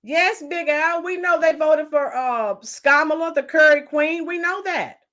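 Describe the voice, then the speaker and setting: High-voiced opinionated woman livestream host. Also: steady tone, a little slow, fairly bright tone. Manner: opinionated, reads out and greets chat viewers. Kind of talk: casual live-chat commentary.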